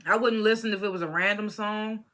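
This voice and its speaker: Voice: mid-range voice, steady tone, fairly quick, pushed and bright. A young adult reality TV reviewer in casual vlog commentary, talking bluntly and profanely with rambling asides.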